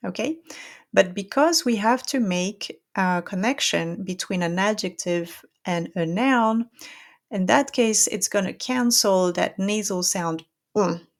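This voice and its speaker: A woman's voice: medium pitch, gravelly. A woman with a French accent, a French teacher giving a patient pronunciation lesson who checks in often with "okay?".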